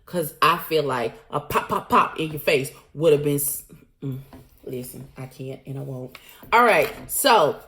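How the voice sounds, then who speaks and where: Woman vlogger, slightly low voice; blunt, slangy, animated recap delivery. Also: a little slow. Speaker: vlogger recapping a reality show. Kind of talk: casual recap monologue.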